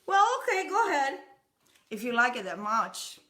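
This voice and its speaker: An easygoing husband who shrugs and says yes to every purchase, voiced by a woman preacher. His voice is bright and raised, relaxed and agreeable. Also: on the high side, normal speed.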